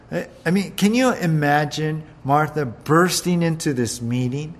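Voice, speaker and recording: Man, pastor, sermon, earnest, slow pace, repeats words, asks questions. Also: a little high.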